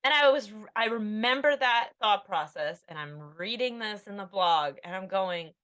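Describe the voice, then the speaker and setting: A woman's voice: medium pitch, lively intonation, moderate pace, few pauses, fairly bright tone. Candid, rambling woman in her thirties. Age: 30s. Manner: rambling, self-deprecating, frequent fillers. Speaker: podcast guest, author. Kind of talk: candid conversational interview.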